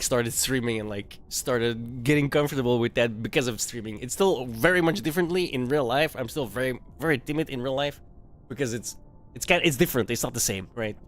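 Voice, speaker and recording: Laughing, swearing young guy streamer. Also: medium pitch. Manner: laughs often, swears freely, many restarts. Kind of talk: casual storytelling to a live chat. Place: home streaming setup.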